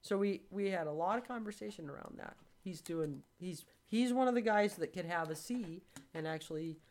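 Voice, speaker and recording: A woman in her sixties hosting a casual chat, telling stories with animated, blunt delivery and acted-out dialogue. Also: on the low side, normal speed. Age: 60s. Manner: animated storytelling, swears freely, acts out quoted dialogue.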